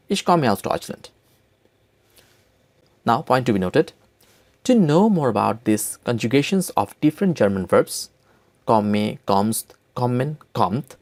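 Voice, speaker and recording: Slow, gravelly male language teacher. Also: medium pitch, darkish tone. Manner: slow and deliberate, repeating each word for learners. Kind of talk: slow spoken language lesson.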